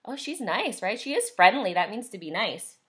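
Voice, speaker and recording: A woman teacher reading a picture book aloud to young children, asking them questions as she goes. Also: medium pitch. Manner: slow, expressive, asks children questions.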